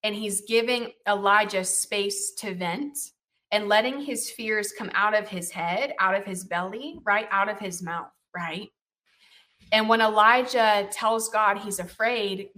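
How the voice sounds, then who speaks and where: With a mid-range voice, a woman animatedly retells a Bible story as she teaches, giving it lively emphasis. The chatty delivery leans heavily on "you know" and "like," and she often checks in with "right?" or "okay?".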